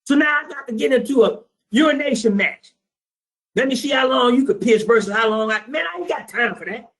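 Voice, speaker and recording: A man's voice: very high-pitched, lively intonation, brisk, fairly bright tone. A man teaching a trading class, telling a blunt, profane story and acting out both sides of a phone call. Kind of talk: storytelling lecture to students.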